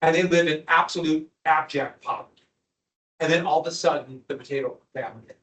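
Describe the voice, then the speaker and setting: A man teaching a history lecture to a class, animated and quizzing students as he goes. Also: fairly high pitch, a little fast. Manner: animated, asks the class questions. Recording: echoey classroom from far off.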